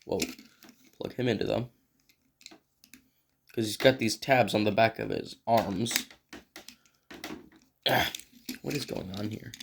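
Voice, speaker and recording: A man casually reviewing an action figure, rambling and thinking aloud as he handles it, often clearing his throat. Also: lowish voice, slow, long pauses, noisy background. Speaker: toy reviewer. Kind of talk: casual toy review vlog.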